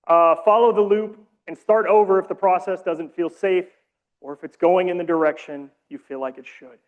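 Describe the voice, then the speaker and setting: A man leading a community training session, explaining calmly with casual, self-deprecating asides. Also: high voice, normal speed, phone-quality sound. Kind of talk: training presentation.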